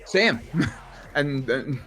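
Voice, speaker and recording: A man's voice: medium pitch, lively intonation, drawn-out words, a bit bright. A young man chatting casually, rambling and emotional, swearing freely and laughing often. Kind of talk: casual chat. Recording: faint music behind.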